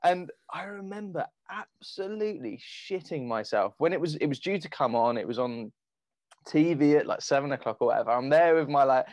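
A man's voice: fairly high pitch, animated, fairly quick, a little mellow, no room sound. A man hosting a podcast, laid-back and chummy, laughing often. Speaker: podcast host. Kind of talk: casual chat.

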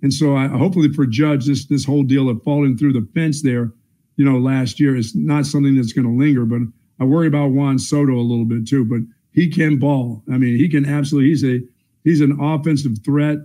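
A man hosting a sports talk show in a measured, folksy way, often saying "I mean". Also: mid-range voice, fairly even intonation, dark tone.

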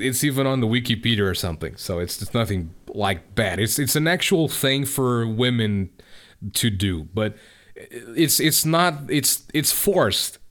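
Young man rambling with lively pitch. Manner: rambling, stop-start explaining. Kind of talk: casual chat.

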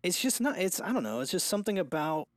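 A man's voice: sits high, sing-song, quick pace, no room sound. A young man, a father, talking candidly and rambling in a casual podcast chat, restarting and trailing off.

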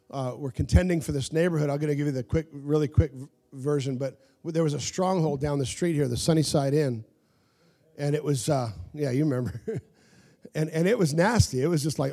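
Animated preaching pastor, mellow voice. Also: male voice, on the high side. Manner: animated storytelling with laughs and asides to the congregation. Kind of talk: sermon.

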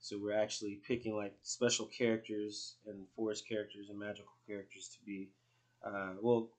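A man's voice: lowish voice, little pitch movement, fairly quick, a little mellow. Rambling middle-aged man hosting a podcast. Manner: rambling, loose, swears freely. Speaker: podcast host. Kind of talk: casual podcast chat.

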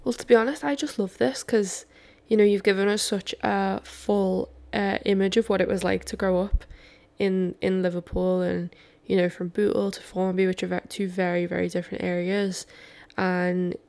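A woman's voice: medium pitch, level tone, moderate pace, creaky, a little mellow. A woman interviewing a guest, asking her questions hesitantly with many fillers.

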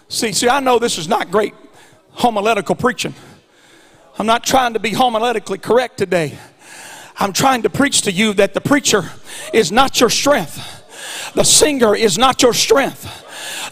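A man preaching a sermon as pastor, swinging between soft lines and fervent shouts, drawing key words out. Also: high-pitched. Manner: stretches key words out slowly. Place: church sanctuary.

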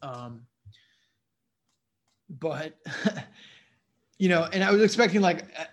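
A male stand-up comedian chatting as a guest, his voice sitting a bit high for a man. He rambles through his stories, circling back and filling gaps with "you know what I mean.". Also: lively intonation, takes it slowly. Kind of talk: casual interview storytelling.

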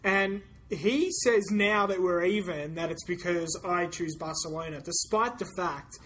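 A fairly high-voiced man, boasting playfully and laughing easily in a casual podcast chat. A faint hiss sits behind him. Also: measured pace, fairly bright tone. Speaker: podcast co-host.

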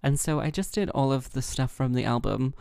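Woman, gravelly vocal fry, rambling self-mocking podcast chat, dry close sound. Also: rumbling low, expressive, brisk, a little mellow, dry recording. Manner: chatty, self-mocking, rambling with many fillers. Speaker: harpist and podcast host. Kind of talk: casual solo podcast chat.

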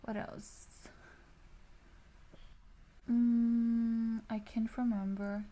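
A woman's voice: a little high, level tone, very slow, mellow. Cheerful woman telling a story. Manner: upbeat storyteller, laughs mid-sentence. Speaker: music student. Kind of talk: casual chat.

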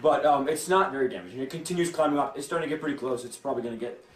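A young man narrating as game master, casual and halting, with many restarts and fillers. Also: medium pitch, lively intonation. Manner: hesitant, full of restarts and fillers. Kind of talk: narrating a tabletop game among friends. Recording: echoey room, mic from a distance, faint music.

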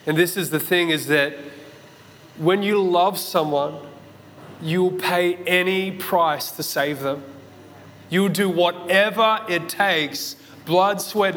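An Australian man in his thirties preaches from a church stage. His voice sits slightly high for a man, and he tells his story vividly, voicing his own shouts and thoughts. The sound carries a long reverb from the hall. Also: slight background noise. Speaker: pastor. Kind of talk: sermon with personal story. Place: church auditorium.

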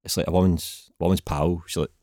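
A young man with a strong Glaswegian accent chats casually as a podcast guest. His voice sits very low, and he rattles through his anecdotes at a quick, easy clip over a dry, close sound. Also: little pitch movement, darkish tone, no echo. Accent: Scottish, Glaswegian. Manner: laid-back, chatty storytelling. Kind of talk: casual chat.

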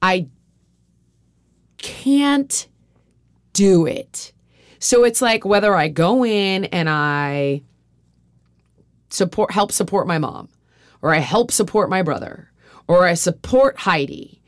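A woman's voice: lowish voice, animated, slow pace, long pauses, no echo, studio quality. Candid, profane woman podcast host. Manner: candid, profane, rambling storytelling; frequent fillers and restarts. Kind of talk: casual podcast chat.

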